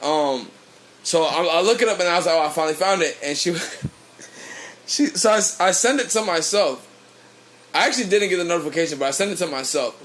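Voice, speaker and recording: A man's voice: a little high, animated, brisk, fairly bright tone. A young man, a podcast co-host, telling a loose, rambling story in casual chat, swearing freely.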